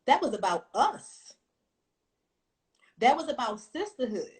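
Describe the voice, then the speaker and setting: A woman in her thirties telling a personal story on a casual livestream, blunt and profane, with animated storytelling. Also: a little high, measured pace, poor audio. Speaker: livestream host.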